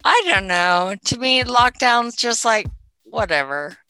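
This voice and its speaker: A woman's voice: animated, takes it slowly, bright, forceful tone, smooth, soft background music, heavily acted. A woman playing a spacey stoner girl. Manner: spacey, valley-girl chatter with sudden shrill outbursts. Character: ditzy young female stoner selling edibles. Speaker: comedy sketch character. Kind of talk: comedic character monologue.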